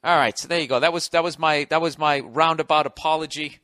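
Sarcastic, high-voiced man ranting. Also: fairly even intonation, fast talker, pushed and bright, no room sound, clean studio sound. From United States. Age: 40s. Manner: sarcastic, profane, mock-outraged. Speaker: podcast host. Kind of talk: sarcastic solo podcast rant.

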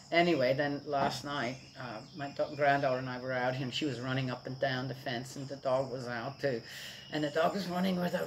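A woman's voice: deep voice, slight background noise, rough recording. An older woman chatting casually outdoors to her viewers, rambling on and checking in with her listeners as she goes. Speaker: vlogger. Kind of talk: casual morning chat.

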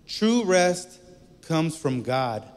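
A man preaching a sermon in a relaxed, conversational way, telling personal stories between scripture readings. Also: on the high side, extremely slow. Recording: echoey hall reverb.

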